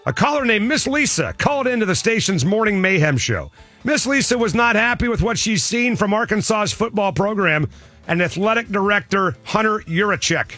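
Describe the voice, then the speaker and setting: An emphatic male sports radio host needles his co-host and rants with animated energy. His voice is bright and forceful and sits a touch high. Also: moderate pace, no echo, faint music behind. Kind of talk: sports talk radio banter.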